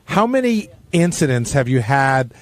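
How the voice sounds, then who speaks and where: A man's voice: mid-range voice, very animated, moderate pace. A man hosting a radio chat who asks probing questions and often restarts his sentences as he goes. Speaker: radio show host.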